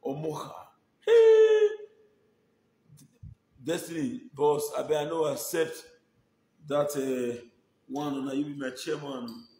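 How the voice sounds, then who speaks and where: A man's voice: fairly high pitch, a little mellow, reverberant. A Nigerian man chatting casually and thanking his viewers by name, mixing Pidgin with English. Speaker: online video host. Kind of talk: casual shout-outs to viewers.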